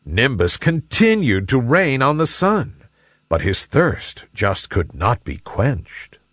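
A man reading a children's story aloud in an expressive, unhurried way. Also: mid-range voice, dry recording, clean studio sound.

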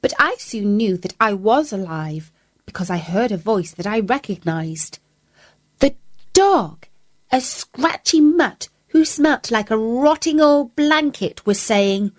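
Expressive, playful woman storyteller. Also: a little high, slow pace. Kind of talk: storybook narration as a mouse.

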